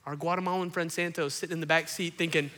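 Man, pastor, sermon, animated storytelling, bright ringing voice, slightly high, long hall reverb. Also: fast, slight background noise. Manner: animated storytelling, addresses crowd as y'all.

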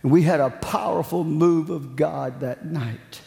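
A man preaching a sermon in a slow, deliberate delivery, moving from storytelling into fervent exhortation. His voice sits a little high for a man. The sound rings through a large, echoing hall with a long reverb tail. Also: creaky, a little mellow.

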